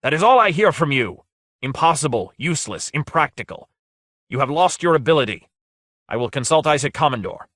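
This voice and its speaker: Guy doing a furious shouty lord, frantic, barking orders in a storybook. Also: mid-range voice, sing-song, moderate pace, dry recording, studio quality, pitched above the performer's own voice. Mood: commanding. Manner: shouting commands, overwrought. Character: wrathful lordly male warlord, frantic.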